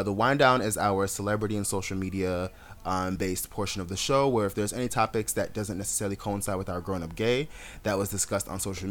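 A young adult man co-hosting a podcast, chatting casually with an animated, sassy storytelling style and frequent laughs. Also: fairly low pitch. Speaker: podcast co-host. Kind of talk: casual chat.

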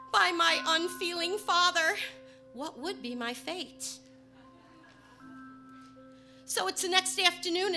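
A woman from Chicago telling a personal story, partly in rhyming verse, moving between hushed and emphatic delivery. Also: very high-pitched. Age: adult.

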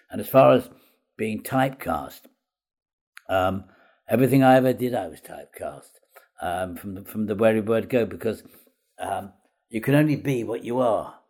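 Older male raconteur, husky and gravelly, lively storyteller who mimics the people he quotes. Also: on the low side. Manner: chatty raconteur, acts out quoted voices, laughs at own stories. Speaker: comedy actor guest. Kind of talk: anecdotal interview storytelling.

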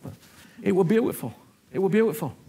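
Male preacher, husky voice that swings wildly up and down, earnest and repetitive. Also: high-pitched, a little fast. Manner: animated, earnest, repeats himself, keeps asking "you understand me?". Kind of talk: sermon.

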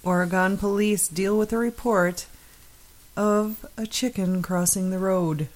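A woman's voice: mid-range voice, fairly even intonation, measured pace. Giggly female radio co-host reading stories. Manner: giggly, protests in mock outrage. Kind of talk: reading news stories in comic banter.

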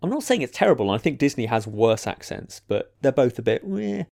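A man's voice: mid-range voice, quick pace. Jokey man on a podcast. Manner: animated, jokey, does mock quotes. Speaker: podcast co-host. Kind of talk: casual film discussion.

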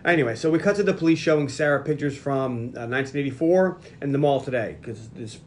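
A man hosting a podcast, casually recapping a film scene by scene and acting out the dialogue in quick voices, laughing often. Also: medium pitch, lively intonation, darkish tone, a little hiss or hum.

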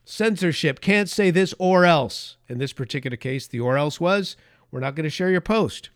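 A man's voice: fairly high pitch, expressive, normal speed, no echo. A man hosting a political talk show, delivering a heated opinion monologue with emphatic stresses and frequent restarts. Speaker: political commentary host.

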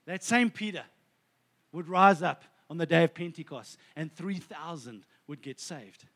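A man with a slightly high, fairly bright, expressive voice preaches a sermon at a measured pace, retelling a story. He repeatedly addresses listeners as friends and stumbles through many restarts.

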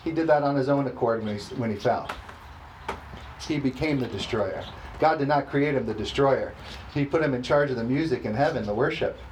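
A man preaching a sermon, reading scripture slowly and emphatically and calling for responses from the congregation. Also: mid-range voice, darkish tone, a little hiss or hum, low-quality recording. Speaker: pastor.

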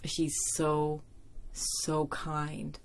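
A woman's voice: low-pitched, completely flat delivery, extremely slow. A young woman hosting a solo podcast, talking casually and emotionally with many fillers, close to tears. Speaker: podcast host.

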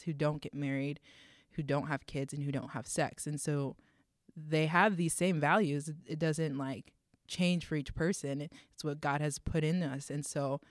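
A young woman with a smooth, radio-style voice, talking through ideas in a measured, reflective way. The sound is dry and close, with no room around it. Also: deep voice, dry recording. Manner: measured, reflective, defines terms. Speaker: co-host. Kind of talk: casual faith discussion.

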